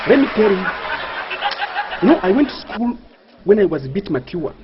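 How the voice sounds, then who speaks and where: A man's voice: sits high, sing-song, normal speed, long pauses, a loud crowd. A man doing a stand-up comedy routine, with a mock-pompous manner and grand words, over audience laughter. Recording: dull lo-fi live recording.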